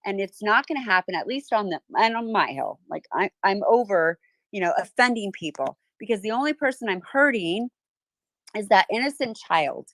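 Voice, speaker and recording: A woman's voice: mid-range voice, expressive, normal speed, a bit bright, no room sound. Woman, podcast host, emphatic and impassioned delivery, dry close sound. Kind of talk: casual chat.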